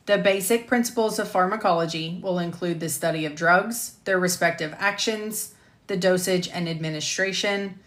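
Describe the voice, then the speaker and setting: A middle-aged woman with a light Southern US accent and a lowish voice reads lecture slides in a measured instructor's cadence. Between takes she drifts into casual, self-deprecating chat. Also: fairly bright tone. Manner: reads slides carefully, then chats with self-deprecating asides and laughter. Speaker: medical coding instructor. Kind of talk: recording a scripted lecture on a live stream.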